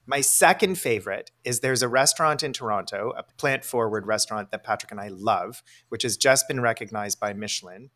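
A man's voice: lowish voice, fairly quick, few pauses, a bit bright. A man co-hosting a podcast, chatting in an enthusiastic way and asking leading questions. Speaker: podcast co-host. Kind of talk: casual chat.

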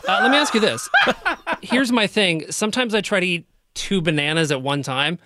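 A man with a high voice on a radio show, reading interview questions in an awkward, self-mocking way. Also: lively intonation, moderate pace, bright, forceful tone, no echo, studio quality. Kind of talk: casual radio banter.

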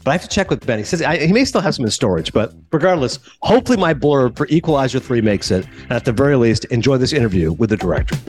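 A man's voice: mid-range voice, soft background music. A man who is a film critic and podcast host, telling a casual story and acting out the dialogue, then interviewing a guest. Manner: animated, quick, acts out dialogue.

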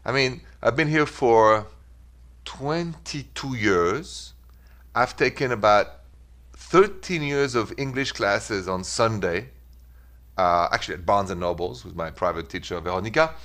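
A middle-aged man with a French accent, hosting a call-in radio dating advice show in a lively, chatty way, dropping in French phrases. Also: on the low side, measured pace. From France.

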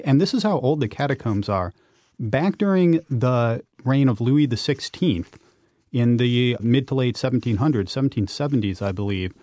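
Man telling animated stories as a guest. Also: mid-range voice, no echo. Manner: animated storytelling, emphatic. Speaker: guest, urban explorer and author. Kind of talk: radio interview.

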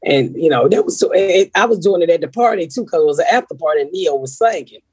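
Husky, foul-mouthed woman telling stories. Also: fairly low pitch, quick pace, dry recording. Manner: profane, storytelling with animated quoted voices. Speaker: podcast host. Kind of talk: casual chat.

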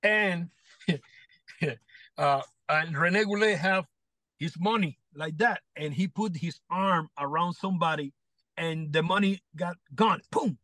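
A man's voice: on the high side, slow pace, sharp tone, no room sound. A man from Puerto Rico with a Puerto Rican Spanish accent, a guest telling stories animatedly and acting out the quoted lines, his English loose in grammar. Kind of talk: podcast storytelling.

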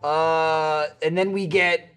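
A man's voice: fairly high pitch, takes it slowly, clear, resonant tone. A young man co-hosting a casual podcast, telling stories and acting out quotes with lots of joking. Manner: animated storyteller, acts out quotes. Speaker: podcast co-host. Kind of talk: casual group chat.

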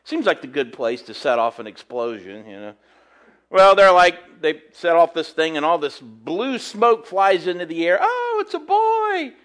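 A man with a notably high voice delivers a conversational sermon. He reads scripture aloud, then unpacks it earnestly with homely stories. He often stumbles and repeats words as he thinks aloud. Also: lively intonation, moderate pace, fairly bright tone. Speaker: preacher.

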